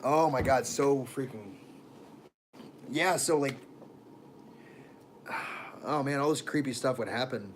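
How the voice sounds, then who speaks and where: A man's voice: medium pitch, slow pace, long pauses, a little hiss or hum. A man rambling through casual livestream chat on a phone camera, laughing often and trailing off mid-thought.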